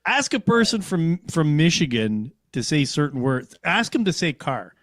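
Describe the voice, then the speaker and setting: A man, talking casually as a co-host. He rambles and circles back on himself. His voice is slightly high, recorded close and dry. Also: sing-song, moderate pace, a bit bright, dry recording. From Canada. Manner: chatty, rambling, self-correcting. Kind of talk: casual livestream chat.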